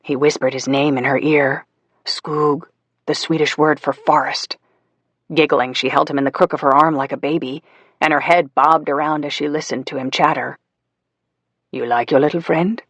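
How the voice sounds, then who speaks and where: A man narrating a psychological thriller audiobook in a measured storytelling manner, voicing the characters as he goes. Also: fairly high pitch, level tone, a bit bright, no room sound. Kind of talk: scripted narration.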